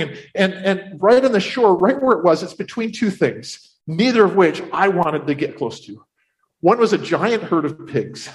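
A man telling a Bible story in the first person, in character, with animated, breathless delivery and frequent restarts. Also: high-pitched.

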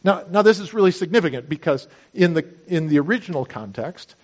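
A man's voice: on the high side, animated, brisk, muffled recording. A man preaching a sermon in a conversational manner, explaining with everyday illustrations. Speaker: pastor.

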